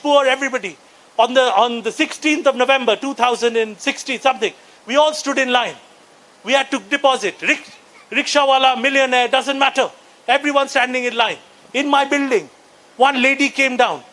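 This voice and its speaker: High bright-voiced Indian comedian in his forties. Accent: Indian English. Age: 40s. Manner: acts out characters in Hindi, punchy delivery. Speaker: stand-up comedian. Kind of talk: stand-up comedy set. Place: conference hall before a live audience.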